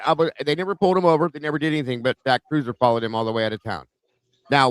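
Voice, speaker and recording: A male podcast host with a mid-range voice, telling a story in a laid-back way full of slang. The sound is close and dry, with no room echo. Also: mid-range voice. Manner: relaxed retelling, slangy, says bro. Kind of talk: casual podcast chat.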